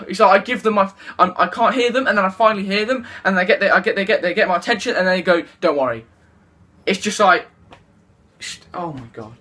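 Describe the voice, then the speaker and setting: A young man, ranting loudly and excitably to the camera in a gaming vlog. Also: high voice, fairly quick. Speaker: YouTuber.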